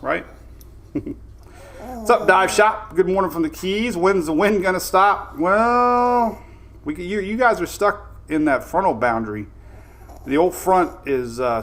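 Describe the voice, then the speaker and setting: An upbeat man chats loosely on his own live stream, greeting viewers one by one and laughing as he rambles. His pitch sits mid-range for a man. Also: a bit bright. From Florida. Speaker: host of a weather live stream. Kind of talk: casual live-stream chat.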